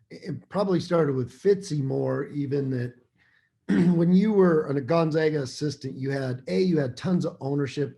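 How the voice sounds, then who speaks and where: Middle-aged male coach with a warm, dark voice; earnest and explanatory. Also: a little high, vocal fry. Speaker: basketball coach guest. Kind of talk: podcast conversation.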